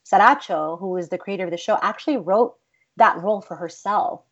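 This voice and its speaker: Chatty actress from Texas, rambling. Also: female voice, mid-range voice, a little fast, dull audio. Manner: animated, rambling, many fillers like "like". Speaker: actress guest. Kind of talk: casual interview storytelling.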